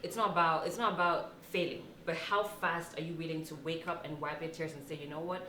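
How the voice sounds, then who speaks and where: A woman guest author on a talk show, joking and chatting in an animated way. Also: low-pitched, fairly quick. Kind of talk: casual interview chat. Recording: echoey room with faint noise.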